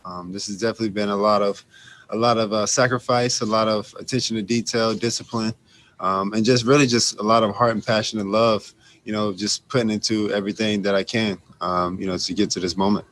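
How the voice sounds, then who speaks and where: A young man in his twenties, a quarterback at a press conference, soft-spoken and polite, answering with short replies. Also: on the low side, fairly even intonation, fairly quick, no echo. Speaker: professional quarterback. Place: press room.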